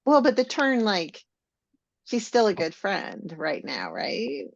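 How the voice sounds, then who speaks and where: A woman leading a writing workshop, talking in a casual, excitable way and laughing often. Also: mid-range voice, slow pace, gravelly, no echo, dull audio. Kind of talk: casual group discussion.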